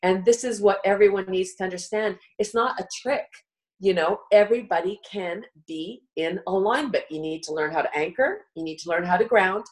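A woman's voice: medium pitch, normal speed, low-quality recording. A middle-aged woman guest on a live talk show, earnestly coaching listeners step by step. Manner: earnest coaching, walks listener through steps. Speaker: guest speaker.

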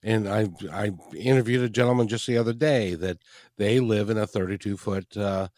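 Host, man, low voice, halting and repetitive delivery, dry sound. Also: fairly even intonation, darkish tone, no echo. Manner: halting, repeats words and restarts. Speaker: interview host. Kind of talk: casual chat.

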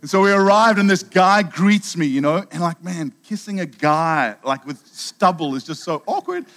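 Middle-aged South African male pastor, sermon, slightly high voice, chatty storyteller. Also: lively intonation, normal speed, a bit bright. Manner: storytelling, chatty, with many restarts.

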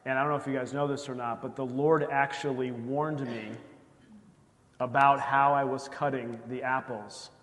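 A male pastor preaching a sermon, telling a story and acting out the dialogue with lively energy. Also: mid-range voice, moderate pace. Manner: animated storytelling, acts out dialogue. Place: church sanctuary. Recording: church hall reverb.

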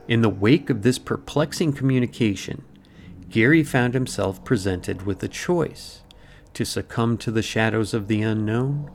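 A man's voice: fairly low pitch, creaky, a little hiss or hum. A man hosting a podcast, telling a mystery story in dramatic, ornate scripted narration. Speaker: podcast host. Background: faint music.

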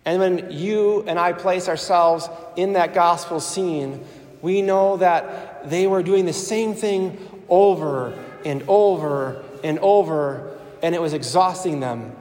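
A man's voice: fairly high pitch, darkish tone. A man preaching a sermon in a church, earnest and conversational, repeating phrases for emphasis. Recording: echoey church with long reverb.

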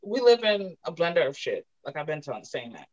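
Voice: mid-range voice, sing-song, brisk, lo-fi sound. A speaker in a casual debate, blunt and opinionated, often trailing off into mutters.

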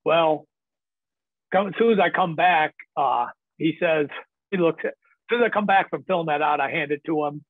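With a somewhat high voice at normal speed, a man from the northern United States rambles through stories as a podcast guest, chuckling and swearing frequently. The phone-like recording is tinny and dry, without room sound.

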